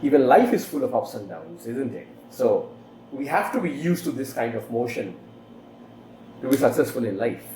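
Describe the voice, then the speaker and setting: An online English lesson is delivered in a warm, expressive, mid-range voice at normal speed, full of rhetorical questions and exaggerated pitch rises and falls. Roomy echo and faint background noise are audible.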